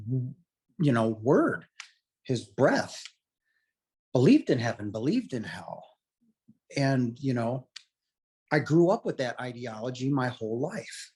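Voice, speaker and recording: A man's voice: medium pitch, very animated, takes it slowly, pauses often, a little mellow, breathy edge. A middle-aged man earnestly telling his personal story as an interview guest, rambling along with lots of "you know" fillers.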